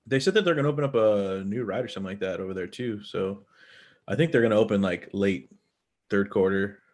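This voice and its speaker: A man's voice: lowish voice, fairly quick, darkish tone. A young man co-hosting a podcast, chatting casually with joking, profane banter. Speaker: podcast co-host. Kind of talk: casual chat.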